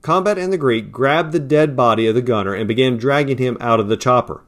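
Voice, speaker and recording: A man reading a war story aloud as narrator, in a plain storytelling manner. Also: a little fast. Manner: raises pitch and volume for quoted lines, drops low and quiet for tags.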